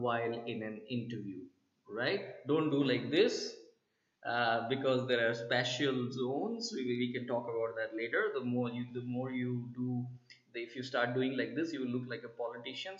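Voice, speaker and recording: A middle-aged man, a soft skills trainer, gives emphatic interview tips to camera and keeps checking in with "right?". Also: mid-range voice. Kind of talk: instructional talk to camera. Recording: roomy, slightly dull sound.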